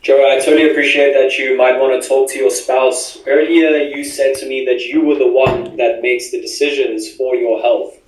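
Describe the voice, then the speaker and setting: Male trainee, calm and measured, heard from a distance in an echoey room. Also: medium pitch. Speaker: sales trainee. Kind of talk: role-play practice.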